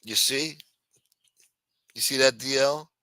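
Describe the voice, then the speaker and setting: A man's voice: mid-range voice, slow pace, sharp tone, smooth, dry recording. A man hosting a livestream, telling stories in a rambling, profane, casual way. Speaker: livestream host.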